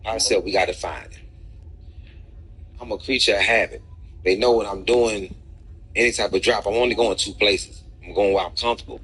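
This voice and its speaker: A man streaming gameplay, telling a personal story in an animated, profane way with bursts of laughter. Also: lowish voice, brisk, slightly rough, poor audio. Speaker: gaming streamer. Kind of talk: casual storytelling over gameplay.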